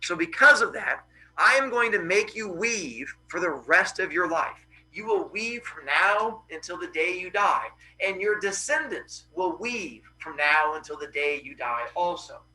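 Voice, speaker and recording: A male teacher voicing an angry, shrill goddess in a classroom retelling of a myth. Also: lively intonation, measured pace, slight background noise, poor audio. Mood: stern. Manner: shrill, shouting, hammy. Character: furious then apologetic goddess Athena.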